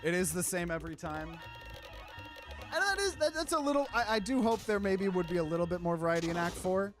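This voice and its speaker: Gamer voice, casual let's play chatter, gets panicky and repeats stuff, swears a bit, really animated. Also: medium pitch, fairly quick, over music. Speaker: gamer playing and commenting.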